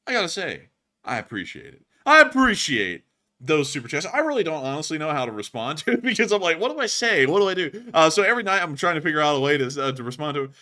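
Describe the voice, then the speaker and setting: Bright-voiced, excitable male stream host. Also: lowish voice. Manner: laughs often, rambling and excitable. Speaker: livestream news host. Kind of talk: casual livestream chat.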